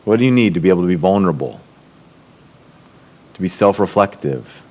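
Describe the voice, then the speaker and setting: A middle-aged man delivers a storytelling talk at a church leadership event, his voice sitting low but animated and brisk. He shares personal stories in a warm way. When quoting others, he acts it out with a raised voice.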